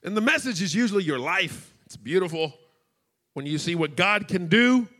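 A man preaching a sermon with emotion, swinging into shouts and acting out voices as he tells stories. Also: high-pitched, lively intonation, normal speed.

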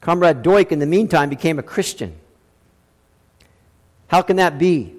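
High-voiced man preaching in a reverberant hall. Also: lively intonation, measured pace. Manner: emphatic preaching with repeated phrases, swinging between hushed and raised. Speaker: pastor. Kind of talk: sermon. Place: church sanctuary.

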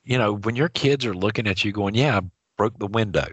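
A man's voice: fairly low pitch, fairly quick, husky, dry recording. A man co-hosting a casual chat. He is earnest and opinionated, and he often restarts his sentences.

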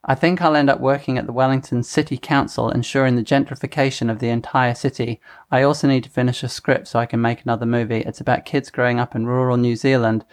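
A man's voice: medium pitch, steady tone, fast, few pauses, smooth. A middle-aged man hosting a casual podcast chat. He rambles, chuckles and keeps stopping to correct himself. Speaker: podcast host.

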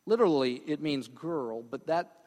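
A man's voice: a little high, expressive, moderate pace, a little mellow, big-room sound. A male pastor preaching a sermon in a conversational way, with frequent asides and check-ins with the congregation.

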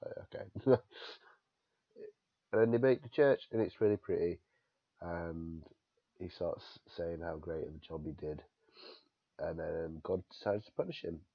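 Casting note: low male co-host, dull lo-fi dry sound, animated scene recaps. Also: unhurried, pauses often, dry recording. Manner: retells scenes, acting out quotes. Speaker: podcast co-host. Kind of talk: casual episode review chat.

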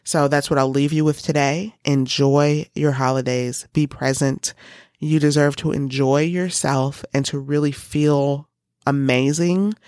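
A woman's voice: low-pitched, fairly even intonation, measured pace, darkish tone, no echo, studio quality. A woman hosting a coaching podcast, talking earnestly and loosely with many fillers. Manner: earnest, loose, full of "you know" and "um". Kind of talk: encouraging podcast monologue.

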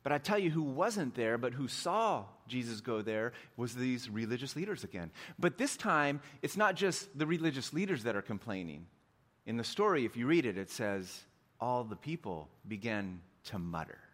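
A man's voice: mid-range voice, big pitch swings, normal speed, a bit bright. A middle-aged man preaching a sermon in a church, joking and conversational, poking fun at himself. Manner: joking, conversational, self-deprecating. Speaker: pastor.

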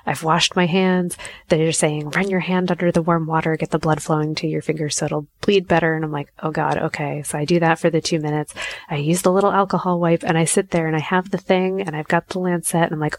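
A woman in her thirties casually telling a personal story, animated and self-mocking, acting out her own inner voice. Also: sits low, a little fast, creaky, no room sound.

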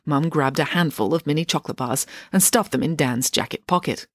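A woman author narrating a chapter of her own book in a wry, steady storytelling manner. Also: low voice, a little fast, dry recording, clean studio sound. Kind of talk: audiobook narration.

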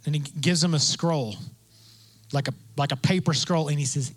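A man preaching a sermon as pastor, conversational with asides, acting out quoted voices and building to loud emphasis. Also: on the high side, normal speed. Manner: conversational with asides and self-interruptions.

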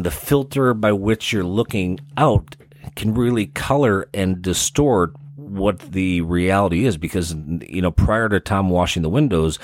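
A low-voiced man with a Midwestern American accent explains therapy concepts in a relaxed, conversational podcast monologue, using everyday examples. The recording is dry and close, with no room sound.

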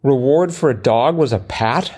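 A man's voice: mid-range voice, normal speed, a little mellow. A man, co-hosting a casual chat about a crossword, rambling and joking at his own expense. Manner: joking, rambling, self-mocking. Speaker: podcast co-host.

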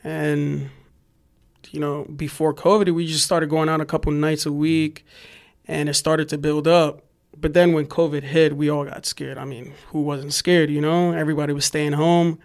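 A young man tells a wild story in casual chat. His voice sits a little high, and he talks animated and profane. He jumps into shouted bits to act out the people in it. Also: moderate pace, creaky. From New York. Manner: animated, profane storytelling, acts out yelling cops. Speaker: podcast guest, graffiti writer.

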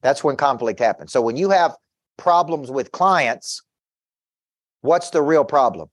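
A man's voice: mid-range voice, lively intonation, measured pace, dry recording, studio quality. Intense, storytelling male business coach. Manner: intense, repetitive, tells stories with quoted dialogue. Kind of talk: motivational seminar talk.

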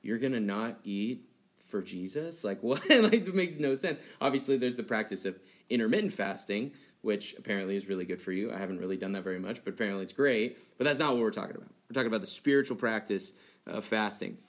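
Casual, animated young male pastor. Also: lowish voice, fast. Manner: conversational and animated, acting out childhood dialogue with laughs. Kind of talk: sermon.

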